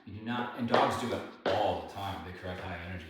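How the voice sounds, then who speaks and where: A man working as a dog trainer, calmly explaining training methods during a grooming session and praising the dogs often. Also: low-pitched, quick pace. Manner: calm explaining, praises dogs often in sing-song tones. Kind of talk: hands-on training lesson while grooming dogs. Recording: echoey room, distant mic, background noise.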